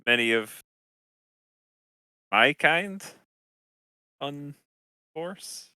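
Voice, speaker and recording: Bright-voiced man playing at a tabletop game. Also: a little high, expressive, very slow, smooth, no room sound. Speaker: player.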